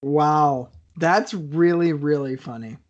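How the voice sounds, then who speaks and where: A man co-hosting a podcast, talking in casual chat with swearing and quick asides. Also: on the high side, muffled recording. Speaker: podcast co-host.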